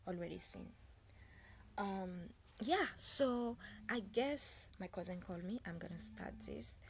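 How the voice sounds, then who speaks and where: 低く、しゃがれた声でゆっくり話すフランス訛りの女性. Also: female voice, fairly low pitch, lively intonation, creaky, slight background noise. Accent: French. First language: French. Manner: slow, repeats and spells out words, code-switching. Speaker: French teacher. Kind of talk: casual French lesson.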